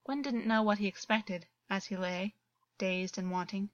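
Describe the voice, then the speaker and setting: A woman narrating a story as an audiobook reader, with a steady, even reading delivery. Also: mid-range voice, moderate pace, no echo, dull audio. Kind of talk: scripted narration.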